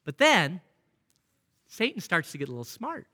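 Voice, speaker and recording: A man preaching a sermon in a conversational way, reading verses aloud and turning to the congregation with rhetorical questions. His voice sits fairly high for a man and has a bright, forward tone. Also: huge pitch swings, moderate pace. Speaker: pastor.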